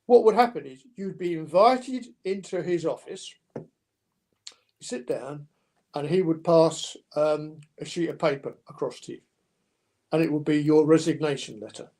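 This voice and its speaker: An older man telling stories in an interview, lively and anecdotal, acting out the dialogue. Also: a little high, normal speed. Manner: anecdotal, animated, with mimicked dialogue. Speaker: podcast guest. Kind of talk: storytelling interview.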